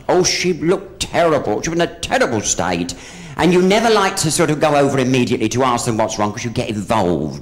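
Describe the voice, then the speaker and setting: A man doing stand-up on a theatre stage, telling gossipy jokes and hopping into voices for each character. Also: mid-range voice. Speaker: stand-up comedian. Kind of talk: live stand-up joke telling. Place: theatre stage with a live audience.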